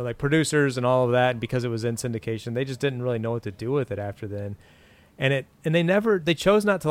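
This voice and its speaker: A man's voice: mid-range voice, clear, resonant tone. A man in his forties, co-hosting a casual chat, rambling through trivia with fillers and restarts. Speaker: podcast co-host. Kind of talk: casual chat about an old TV show.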